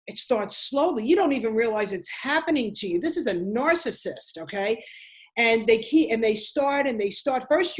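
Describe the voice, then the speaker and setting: A woman in her sixties speaking as an interview guest, emphatic, repeating her points and acting out quoted lines. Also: on the high side. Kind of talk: interview talk.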